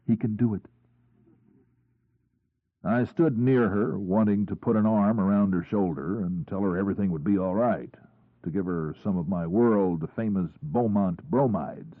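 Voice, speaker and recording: Low husky guy narrating a crime audiobook, dry tinny phone-like sound. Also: moderate pace, no room sound. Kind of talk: first-person scripted narration.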